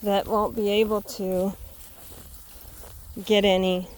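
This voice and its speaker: A woman's voice: mid-range voice, flat delivery, slow pace, darkish tone. Woman rambling on a walk through her field, phone in hand, dogs around, outdoor sounds. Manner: chatty, thinking aloud, calls sharply to her dogs. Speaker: homesteading vlogger. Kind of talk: casual walking vlog. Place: outdoors in a wet rural hay field. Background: dogs and rural outdoor sounds.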